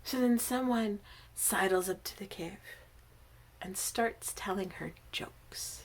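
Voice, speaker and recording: A woman, a worship associate, telling a myth in a church service, animated and often dropping to a whisper. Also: mid-range voice, takes it slowly.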